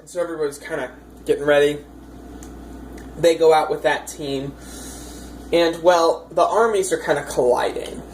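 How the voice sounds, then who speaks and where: Low-voiced woman recounting a game. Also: normal speed, pauses often, darkish tone, a little hiss or hum, poor audio. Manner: chatty, rambling, many fillers, amused. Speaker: dungeon master. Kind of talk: casual storytelling of a tabletop campaign.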